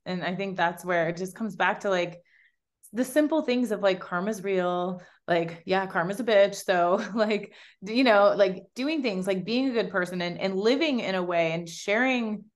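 Woman guest in her young adult years; chatty, animated storyteller who voices her own quotes. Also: medium pitch. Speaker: guest, pro bikini competitor. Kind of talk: casual storytelling chat.

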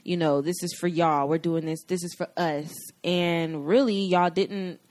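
A woman's voice: lowish voice, measured pace. A woman guest on a podcast, chatting casually, candid and profane, telling stories with lots of energy. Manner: candid and profane, animated storytelling. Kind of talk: casual chat.

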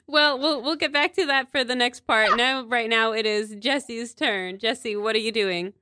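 A woman runs a tabletop role-playing game, narrating scenes with plenty of fillers and easy laughter. Her voice is bright and a touch high, recorded dry and close. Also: fairly even intonation, unhurried, dry recording. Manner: hesitant, many fillers, laughs easily. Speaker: game master.

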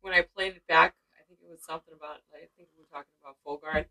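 A woman's voice: deep voice, fairly even intonation, racing, sharp tone, poor audio. A woman with a Boston accent, co-hosting a casual podcast chat, self-mocking and giggly. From Boston area.

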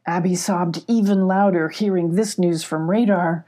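A woman narrating a children's storybook aloud in a gentle, even storytelling manner. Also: lowish voice, normal speed, hardly any pauses. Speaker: audiobook narrator.

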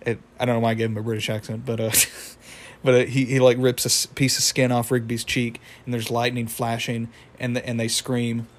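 A man's voice: mid-range voice, monotone, a little fast, a little hiss or hum. A young man casually recapping a cartoon episode, rambling with lots of fillers and chuckling at the story. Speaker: show recapper.

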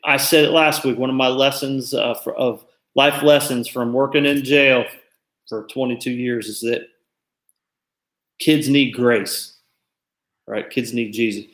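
A man's voice: medium pitch, steady tone, a little slow, a bit bright. Guy in his 40s hosting a talk show, earnest and reflective, echoey room. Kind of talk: casual talk show commentary.

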